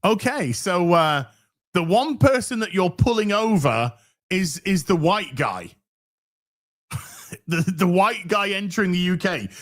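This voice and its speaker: A man's voice: sits high, a bit bright. A British man telling a story in casual chat, sarcastic and swearing often, acting out both sides of an exchange. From Britain. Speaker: podcast host.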